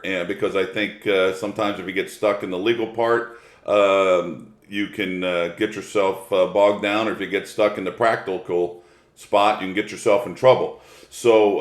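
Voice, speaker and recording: A middle-aged man giving a casual webinar lecture as presenter, folksy and joking. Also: lowish voice. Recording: echoey room.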